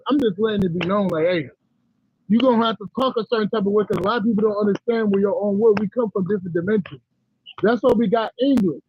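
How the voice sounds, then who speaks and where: Male streamer, very high voice, blunt rambling slang, dry muffled mic. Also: slightly rough, no room sound. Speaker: livestream host. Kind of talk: casual livestream chat to viewers.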